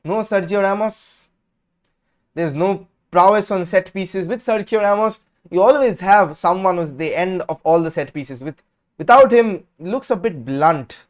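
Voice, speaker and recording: With a measured pace, the high-pitched host of a football watch-along stream keeps up casual commentary. He's opinionated and conversational, shifting from lively calls to low, drowsy mumbling.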